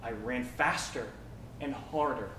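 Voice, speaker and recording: A young man preaching a sermon with a personal story, animated, acting out quotes and swinging from loud to soft. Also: unhurried. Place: church. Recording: echoey church hall, mic at a distance, faint rumble.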